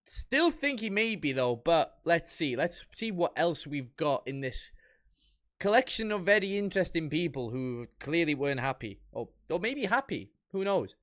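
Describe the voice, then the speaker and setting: A man's voice: fairly high pitch, big pitch swings, normal speed, fairly bright tone. A young man giving casual reaction commentary, reading comments aloud and picking them apart with wry amusement.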